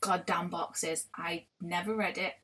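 A woman's voice: fairly low pitch, fairly even intonation, a little slow, sharp tone. A young woman co-hosting a podcast in casual chat, rambling and swearing with frequent restarts. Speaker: podcast co-host.

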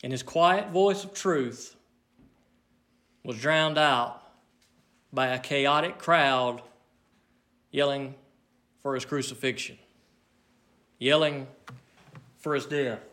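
A man preaching a sermon, earnest and measured, swinging between loud emphasis and near hush. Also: medium pitch.

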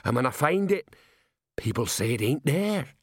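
A man reading an audiobook voices a slow-witted male troll watchman who talks bluntly in rough, broken grammar. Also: very animated, dry recording, studio quality. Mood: deliberate. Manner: slow, rumbling, ungrammatical speech.

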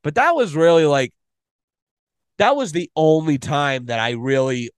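A man telling a long story on a podcast, animated and full of swearing. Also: on the high side, measured pace, smooth, no echo. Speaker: podcast guest. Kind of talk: casual storytelling.

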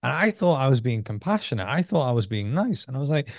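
A man talking casually as a podcast guest, telling a personal story and acting out his inner dialogue with sudden jumps in pitch and blunt swearing. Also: sing-song, fast talker, a little mellow, no room sound, clean studio sound.

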